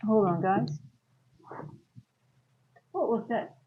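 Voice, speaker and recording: Woman trader-coach, casual live-stream chat, thinks aloud at mid pitch, slightly muffled home recording. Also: extremely slow, slightly rough. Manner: thinks aloud, rambling and chatty. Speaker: futures trader and trading coach. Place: at home, near a kitchen.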